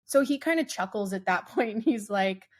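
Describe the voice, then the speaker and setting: This is a woman in casual podcast chat, spinning a rambling story full of "like" fillers. She laughs often as she goes, and her voice sits at an ordinary middle pitch for a woman. The delivery is loose and conversational. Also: moderate pace. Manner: animated, laughs often while telling a story. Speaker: podcast co-host.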